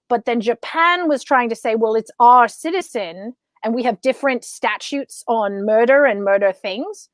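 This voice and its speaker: A woman's voice: fairly high pitch, dry recording. A young woman chatting casually as a podcast co-host, telling stories with lots of fillers and restarts. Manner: rambling storyteller with many fillers and restarts. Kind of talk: casual chat.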